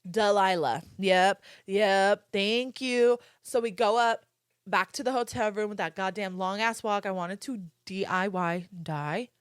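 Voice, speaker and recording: A young woman in her twenties hosting a podcast, telling a story in casual chat, animated and swearing freely while she acts out quotes. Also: medium pitch, normal speed, no echo, studio quality. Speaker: podcast host.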